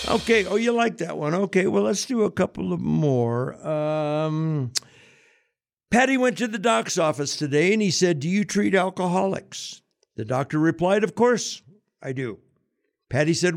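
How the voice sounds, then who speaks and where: A man's voice: fairly high pitch, animated, a little slow, gravelly. A man hosting a radio segment, telling history and jokes in a chatty, jokey way. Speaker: radio host. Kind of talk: casual storytelling and joke-telling.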